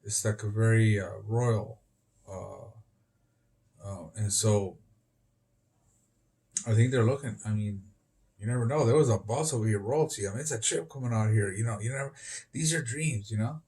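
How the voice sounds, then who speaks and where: A man's voice: lowish voice, moderate pace, pauses often, darkish tone. Rambling man talking on the street. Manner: rambling and disjointed, jumps between topics.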